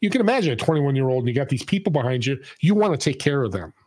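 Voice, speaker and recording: A man of middle pitch tells stories in a relaxed podcast conversation, slipping into the voices of the people he quotes. His voice sits close and dry, with no room around it. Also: rapid-fire, no echo. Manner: animated storyteller acting out quoted voices. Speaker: podcast host and guest. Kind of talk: storytelling in casual conversation.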